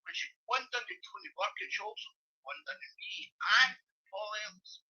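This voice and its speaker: Brief: man in profane casual talk, lively pitch swings, lo-fi phone sound. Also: normal speed, creaky, breathy edge. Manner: profane, rambling, animated. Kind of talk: casual chat. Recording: muffled phone-line audio.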